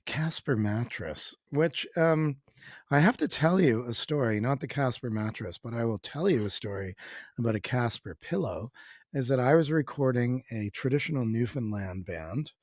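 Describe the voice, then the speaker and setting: A man from Canada telling rambling, animated stories as a musician guest on a casual podcast. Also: mid-range voice, moderate pace, no room sound, studio quality.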